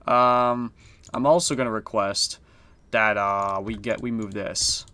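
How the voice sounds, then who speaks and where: A man's voice: mid-range voice, normal speed, long pauses, fairly bright tone, dry recording. A man streaming a strategy board game, chatting casually and swearing now and then. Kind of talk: casual live-stream commentary.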